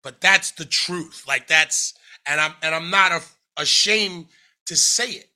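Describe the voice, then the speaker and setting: Bright-voiced man telling his story. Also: fairly high pitch, unhurried. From United States. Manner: conversational, frequent fillers and self-corrections, acts out quoted speech. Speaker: interview guest. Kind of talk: candid personal storytelling.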